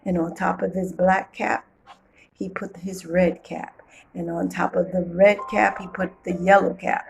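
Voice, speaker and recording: A woman reading a children's storybook aloud with playful, expressive storytelling. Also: fairly low pitch, unhurried, creaky, a little hiss or hum, low-quality recording.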